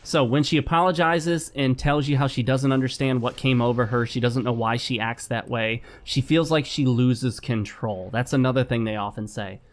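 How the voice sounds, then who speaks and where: A man's voice: mid-range voice, steady tone, normal speed, few pauses. Male gaming host, mid-range voice, lecturing and repetitive commentary over live play. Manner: lecturing, repetitive, talks while playing. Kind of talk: casual gameplay commentary.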